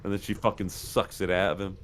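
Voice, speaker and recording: A man's voice: low voice, level tone, quick pace, a bit bright, a little hiss or hum. A man chatting casually and crudely while streaming a game, swearing often and laughing through his own stories. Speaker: streamer co-host.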